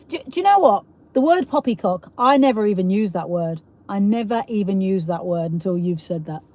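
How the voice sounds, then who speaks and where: A woman's voice: medium pitch, animated, fairly quick, mellow. A middle-aged woman with a South East London accent, hosting a casual live stream: chatty and rambling, laughing often and reading viewer comments aloud. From England. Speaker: livestream host.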